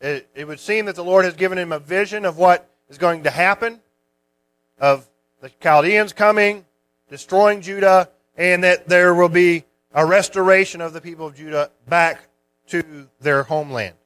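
High-voiced man teaching a sermon. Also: moderate pace, fairly bright tone, no room sound. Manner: conversational Bible teaching with restarts. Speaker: preacher.

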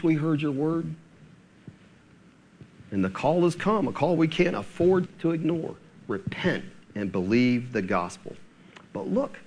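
A man's voice: mid-range voice, a little hiss or hum. A male pastor preaching a sermon, emphatic and full of rhetorical questions.

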